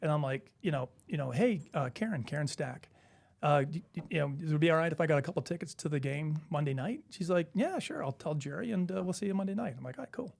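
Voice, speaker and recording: A man's voice: on the high side, quick pace, creaky. A middle-aged man, a former basketball player, telling stories casually as an interview guest and acting out the voices of people he quotes. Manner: animated storyteller, acts out quoted voices. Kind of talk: casual storytelling.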